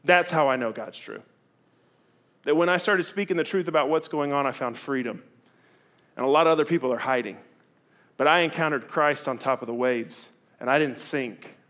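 Candid man preaching, fairly high voice. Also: moderate pace. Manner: candid and conversational, swinging from loud to hushed. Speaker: pastor. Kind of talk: sermon.

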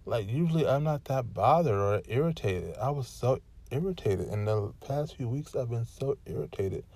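This man's mid-range voice has lively intonation, vocal fry and a dark tone at a moderate pace. Hosting his own solo freestyle podcast, he vents in exasperation through rambling run-on sentences that sometimes rush and sometimes stretch out.

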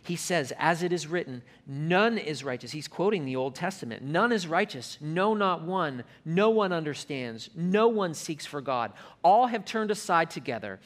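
A man preaching a sermon as pastor, slowing down and dropping his voice when reading scripture and hymn lines, and rising in pitch and force as he builds to a climax. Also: lively intonation.

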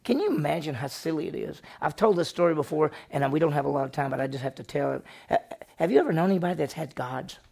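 A man's voice: fairly high pitch, lively intonation, quick pace, gravelly, a little mellow, slightly rough. A middle-aged male pastor preaching a sermon in a conversational way, often asking his listeners questions. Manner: conversational, asks the audience questions. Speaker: senior pastor.

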